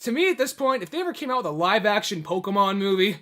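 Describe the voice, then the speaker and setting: A man's voice: sits high, sing-song, fast talker, pushed and bright. A young man co-hosting a podcast, chatting casually and profanely about movies, rambling and quoting actors in put-on voices. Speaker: podcast co-host.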